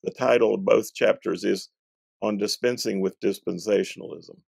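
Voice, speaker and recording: A man from North Carolina, a Bible scholar answering interview questions in a measured, emphatic, preacherly way. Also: fairly low pitch, steady tone, creaky, darkish tone, breathy edge, no room sound. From North Carolina, USA.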